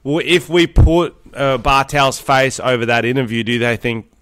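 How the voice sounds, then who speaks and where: A man's voice: medium pitch, normal speed, fairly bright tone, dry recording, clean studio sound. Joking, swearing man on a podcast. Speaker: podcast co-host. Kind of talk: casual podcast banter.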